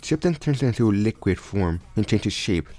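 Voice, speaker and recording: Halting, low-voiced man telling a story. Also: lively intonation, warm tone. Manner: halting, stumbles and restarts often. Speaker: storyteller retelling a fan crossover story. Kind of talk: casual improvised narration. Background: faint background music.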